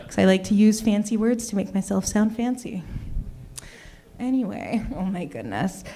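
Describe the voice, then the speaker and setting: This young woman's warm, mid-range voice comes across animated yet measured, with frequent pauses. She's at an open mic in a small comedy club, talking with the live crowd in a rambling, self-deprecating way and repeatedly exclaiming "oh my goodness."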